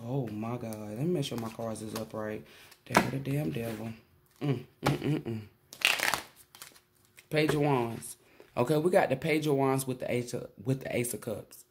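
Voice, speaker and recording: Excitable, cursing woman reading tarot. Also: a bass voice, normal speed, very noisy. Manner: excitable, profane, rambling with restarts. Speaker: tarot reader. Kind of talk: casual tarot reading to camera.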